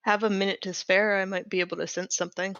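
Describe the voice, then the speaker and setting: Uba, a player voicing a hushed, anxious adventurer. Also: medium pitch, flat delivery, fast talker, no echo, dull audio, natural voice. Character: Uba, an anxious young adventurer who meditates.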